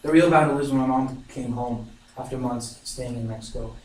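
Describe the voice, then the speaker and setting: A man's voice: mid-range voice, moderate pace. A young man giving an earnest, emotional narrative speech, telling a personal story. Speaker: student speaker. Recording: echoey room, mic far off, faint noise.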